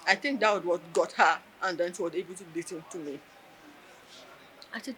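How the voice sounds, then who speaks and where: Earnest, bright-voiced woman, near tears. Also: medium pitch, expressive, fairly quick, slight background noise, rough recording. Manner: earnest, emotional, tells with quoted dialogue. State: close to tears. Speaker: interviewee. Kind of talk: personal storytelling interview.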